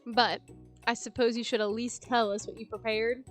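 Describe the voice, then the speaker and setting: A woman's voice: on the high side, flat delivery, normal speed, faint music behind. A young woman streamer reading a video game's text aloud, joking and swearing casually as she plays. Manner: playful, jokey, swears casually. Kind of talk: reading a game aloud with commentary.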